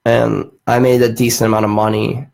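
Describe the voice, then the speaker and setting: A man's voice: fairly low pitch, little pitch movement, fairly quick, creaky, darkish tone, poor audio. A young man hosting a podcast, telling a long rambling story in casual, profane chat with plenty of fillers. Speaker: podcast host.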